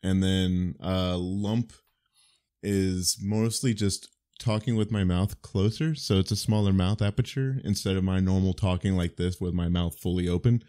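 A man's voice: sits low, steady tone, normal speed, mellow. A man playing in the group, talking casually on a podcast in a joking, crude, enthusiastic way. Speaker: player.

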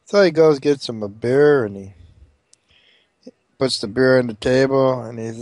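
A man telling a long rambling joke, animated, with frequent asides like checking the listener follows. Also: medium pitch, normal speed, no room sound. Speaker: joke teller.

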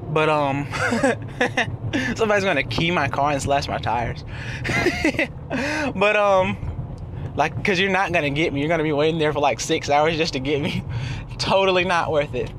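A man's voice: a little high, big pitch swings, measured pace, pauses often. A young man in a casual vlog, talking and ranting from inside his car while he drives, laughing often and trailing off into fillers. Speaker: vlogger. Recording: car and road noise behind voice. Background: road and traffic noise.

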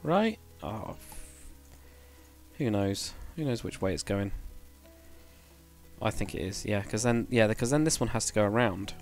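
A man's voice: fairly low pitch, unhurried, long pauses, soft background music. A man casually chatting on a game livestream, thinking aloud while building and answering chat. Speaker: game streamer.

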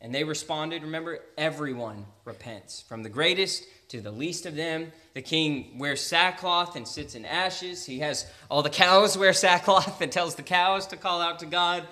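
Male preacher, bright voice, animated and humorous sermon delivery. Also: fairly high pitch, normal speed, hardly any pauses. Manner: animated, jokes and acts out Jonah's angry prayer.

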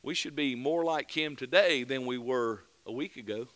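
A man preaching a fervent mid-week sermon as pastor, building to loud emphatic peaks and dropping back to earnest plain talk. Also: mid-range voice, moderate pace. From United States.

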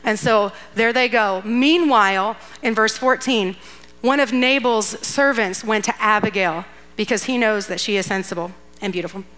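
In a mid-range, somewhat bright voice at normal speed, a guest speaker at a church youth event retells a Bible story as a relaxed, playful sermon. She's chatty, tossing in asides and laughs and acting out the characters' lines.

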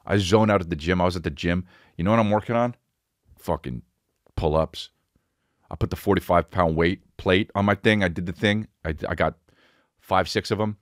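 A man's voice: low-pitched, moderate pace, dry recording, clean studio sound. A man in his forties, a comedian hosting his podcast in a casual, rambling, profane and self-mocking monologue. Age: 40s. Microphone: studio podcast mic.

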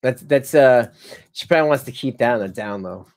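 A man's voice: mid-range voice, animated, brisk, a little mellow. A man hosting a live stream, commenting with many fillers and restarts and wry asides. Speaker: commentary channel host.

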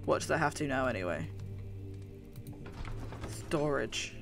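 Playing a horror game for a let's play video, this host with a slight lisp and a London accent keeps up chatty, jumpy commentary full of swearing. He speaks at a moderate pace in a mid-range voice, with music behind him.

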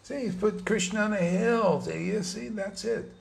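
A man's voice: high voice, normal speed, gravelly, a little hiss or hum. A man giving an informal, emphatic sermon to his followers, talking conversationally with slangy asides. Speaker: spiritual teacher.

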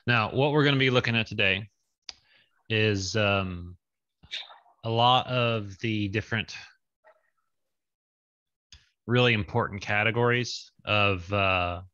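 A man with a lowish, forceful, bright voice walks students through a coding lab over a video call. He talks casually, thinks aloud and fills pauses with ums and uhs. The sound is dry and a little dull, like lo-fi call audio. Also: no room sound. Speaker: lab instructor. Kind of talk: online coding lab walkthrough. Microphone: video call with screen share.

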